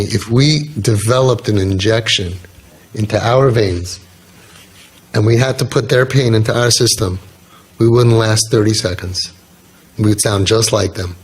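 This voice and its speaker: Earnest middle-aged man, emphatic repeats. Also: medium pitch. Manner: emphatic, repeats key phrases, acts out quoted voices. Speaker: community youth mentor giving a talk. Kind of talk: earnest storytelling talk.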